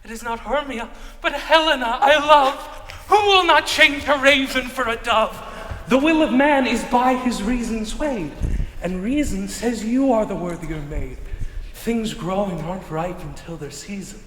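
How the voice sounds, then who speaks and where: A man's voice: very high voice, measured pace, a bit bright, slight background noise. A man playing an ardent lovestruck young man. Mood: passionate. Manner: earnest, theatrical Shakespearean delivery. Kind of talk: Shakespeare stage acting. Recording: long hall reverb.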